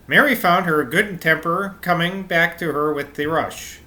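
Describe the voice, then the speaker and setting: A man reads a classic novel aloud, his voice sitting a little high. The tone is bright and forceful, and he drops in casual, irreverent, swearing asides. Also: measured pace, few pauses. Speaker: audiobook reader.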